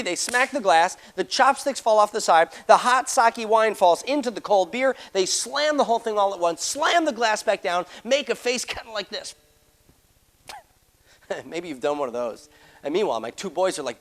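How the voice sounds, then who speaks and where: A middle-aged man giving a motivational seminar, telling a story fast and acting out the voices of the people in it. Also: high voice, very animated, fairly bright tone. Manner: rapid-fire, acts out quoted voices. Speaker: motivational speaker.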